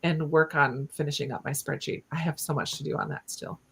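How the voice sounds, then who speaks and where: Chatty middle-aged woman, bright voice. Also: deep voice, steady tone, brisk, vocal fry, breathy edge. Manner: rambling and chatty, many fillers and restarts. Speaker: host of a live reading stream. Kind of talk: casual live-stream chat.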